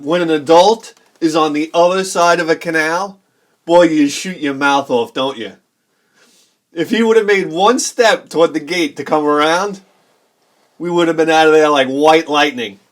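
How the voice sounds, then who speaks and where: A man in his forties, a game collector telling rambling childhood stories while showing his games, laughing often and acting out the people he quotes. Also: on the high side. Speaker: video game collector vlogger.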